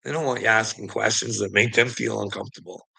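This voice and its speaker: A middle-aged man talks to his livestream viewers in a loose, rambling monologue. His voice is gravelly and forceful, with lots of swearing and frequent laughter between thoughts. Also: on the low side, steady tone, quick pace, low-quality recording. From Canada. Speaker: livestreamer talking to chat.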